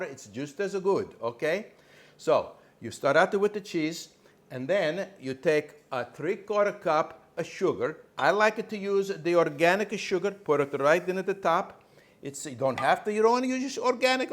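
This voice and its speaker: A man's voice: a little high, lightly acted. A man doing a chatty Italian cook. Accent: put-on Italian. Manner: rambling, broken English, drops in extra "a"s. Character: chatty Italian-American man cooking, talks to himself. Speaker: cooking show host. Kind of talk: comic cooking demonstration.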